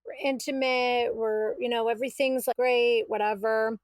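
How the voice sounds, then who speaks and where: High-voiced woman telling her story. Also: normal speed, no room sound. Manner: animated, quotes herself and others, exasperated retelling. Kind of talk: casual storytelling.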